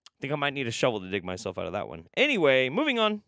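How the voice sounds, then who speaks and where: A man's voice: medium pitch, huge pitch swings, very fast, pushed and bright, no room sound, studio quality. A man hosting a live stream, reacting to videos with sarcastic, rambling, profane commentary. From United States.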